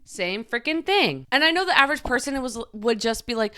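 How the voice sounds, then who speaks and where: Bright, clear-voiced young woman confiding. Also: on the high side, big pitch swings, a little fast. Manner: confessional, heavy use of "like", emotional. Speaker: podcast host. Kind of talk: candid personal podcast monologue.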